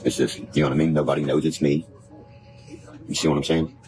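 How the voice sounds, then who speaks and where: Brief: a male streamer with a very low voice, profane and rambling, music playing behind him. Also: flat delivery, fairly quick, a little mellow. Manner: profane, rambling, keeps asking "you see what I mean". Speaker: livestreamer. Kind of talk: casual livestream rant. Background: background music.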